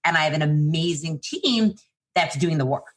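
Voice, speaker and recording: A middle-aged woman, founder of a PR agency, talking casually and quickly as a podcast guest, with many fillers and restarts. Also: deep voice, animated. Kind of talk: casual interview talk.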